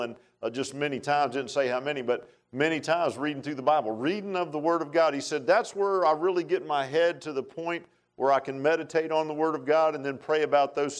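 A middle-aged pastor delivers a sermon in a homey, meandering manner, stopping on "uh" and restarting his phrases. His voice sits a touch higher than most men's. He sounds like he is talking plainly to his congregation. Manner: folksy, rambling, full of fillers and restarts.

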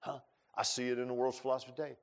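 A man preaching a sermon in a folksy way, rising to loud pleading and dropping to low asides. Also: little pitch movement. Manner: acts out quotes with drawn-out voices.

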